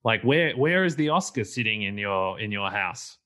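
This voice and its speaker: A man's voice: lowish voice, lively intonation, fairly bright tone. A man hosting a podcast, reacting eagerly and joking with his guest in casual interview chat. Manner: enthusiastic, quick reactions and jokes. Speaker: podcast host.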